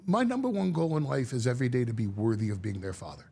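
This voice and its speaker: A man talking as a guest, telling a story in a lively way, acting out quotes and often restarting his sentences. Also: mid-range voice, creaky, breathy edge. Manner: animated storyteller, acts out quotes, halting restarts. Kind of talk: storytelling chat.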